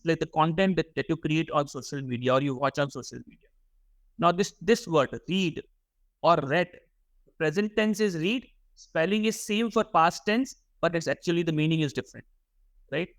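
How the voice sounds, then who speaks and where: Higher-voiced man lecturing a class. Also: dry recording. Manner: repeats words, asks the class questions. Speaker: workshop instructor.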